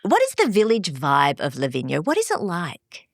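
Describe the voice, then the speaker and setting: A woman from Australia hosting a podcast, bubbly and quick with exclamations as she interviews a guest. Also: on the low side, wildly swooping pitch, no echo, clean studio sound. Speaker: podcast host. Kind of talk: casual interview.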